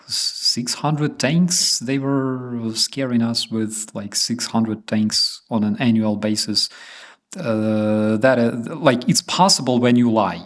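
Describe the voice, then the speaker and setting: A man hosting a casual chat, reading viewer messages aloud and talking in an unhurried way with many fillers. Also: on the low side. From Ukraine. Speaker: host.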